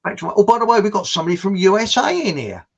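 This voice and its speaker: Gravelly British man, chatty host. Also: high voice, big pitch swings, racing. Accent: British English. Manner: rambling, chatty, laughs at own jokes. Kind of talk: casual chat. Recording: muffled lo-fi audio.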